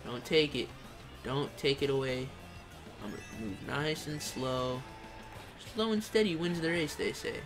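A young man commentating live gameplay and reading out chat messages, excitable, slangy and full of trash talk. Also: medium pitch, a little slow, music in the background. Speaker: gaming streamer.

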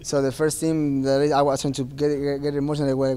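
A man's voice: medium pitch, flat delivery, brisk, few pauses, mellow, clear, resonant tone. A man speaking as a fighter at a post-fight press interview, earnest and plain-spoken, with non-native phrasing.

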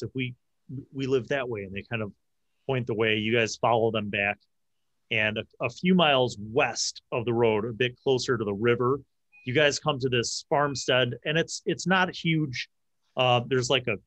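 A man's voice: mid-range voice, a bit bright, no room sound. A man narrating a tabletop game as game master, often restarting his sentences. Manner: halting, frequent restarts.

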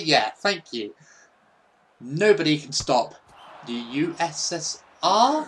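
Excitable man commentating gameplay. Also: fairly high pitch, drawn-out words. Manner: excitable, sweary, mock-patriotic. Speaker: gaming YouTuber.

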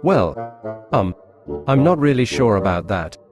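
A man's voice: mid-range voice, sing-song, unhurried. A man voicing a shy, nervous young male engine who stammers and hesitates, for a fan storybook tale with music behind. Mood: unsure.

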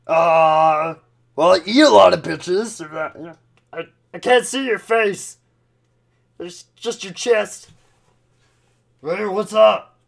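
A man voicing a brash, silly male T-rex puppet on a webcam video chat, gravelly and rowdy, shouting and making mouth noises. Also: sits high, slow, long pauses, heavily acted. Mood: goofy.

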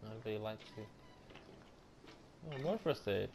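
Jumpy, profane male gamer doing let's play commentary; very animated, noisy recording. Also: on the low side, a little slow, gravelly. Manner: jumpy, profane, loud frightened outbursts.

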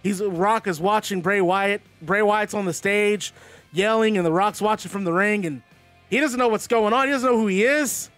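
A man narrating a simulated wrestling show as commentator, excitable and rambling. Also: high-pitched, normal speed, no room sound, faint music behind.

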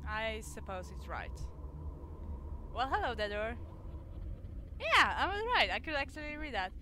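Woman w a sore throat playing a horror game, slow talker, swings from mutters to yelling. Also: fairly high pitch, sing-song, a little hiss or hum. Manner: jumpy, swearing, alternating hushed mutters and loud outbursts. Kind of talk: let's play commentary.

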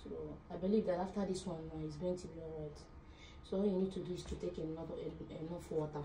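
Nurse lady, calm and reassuring, mellow voice, far from the mic in an echoey room. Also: low-pitched, fast, a little hiss or hum. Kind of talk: casual instructions. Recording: roomy, off-mic.

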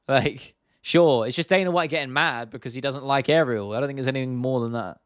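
A man's voice: medium pitch, normal speed, smooth, no echo, clean studio sound. Chatty man hosting a livestream. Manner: chatty, rambling, blunt, answers chat directly. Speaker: host. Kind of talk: casual livestream Q&A.

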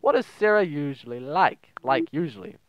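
A man's voice: on the high side, lively intonation, moderate pace, lo-fi sound. A young man giving casual, crude, joking commentary while playing a game, often reading messages aloud in silly voices. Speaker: gaming video host. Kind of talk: casual let's play commentary.

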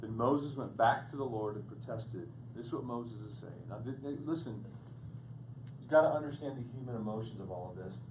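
A man preaching a sermon as pastor, repeating words as he builds to loud, urgent points. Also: mid-range voice, fairly quick, noisy background. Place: church sanctuary. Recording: echoey room picked up from a distance.

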